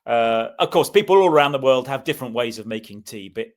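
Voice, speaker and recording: Relaxed British man in casual chat. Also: mid-range voice, fast. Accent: British English. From Britain. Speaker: podcast co-host.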